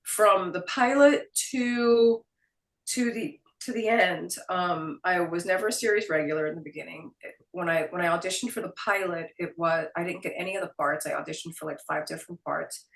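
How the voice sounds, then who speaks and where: A middle-aged woman from Queens with a New York accent speaks a little low. She tells stories lively and salty, acting out other people's lines. She is picked up from some distance in a roomy space. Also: moderate pace, creaky. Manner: animated, quotes people in put-on voices, swears casually. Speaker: guest. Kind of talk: casual storytelling interview. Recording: roomy sound, voice a bit off mic.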